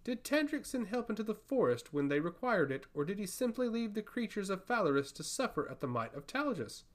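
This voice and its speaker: Male reader doing a menacing fantasy priestess: calm, cold, commanding. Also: sits high. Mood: stern. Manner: cold, measured, sternly threatening. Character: haughty woman, a forest priestess, calm and menacing. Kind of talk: audiobook fantasy reading.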